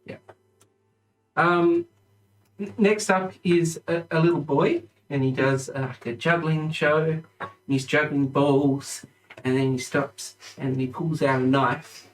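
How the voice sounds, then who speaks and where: A man narrating as dungeon master, telling scenes in a loose, joking way with quick acted bits. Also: a little high, recorded from a distance, low-quality recording. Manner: loose, joking storyteller who jumps into voices. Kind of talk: narrating a tabletop game.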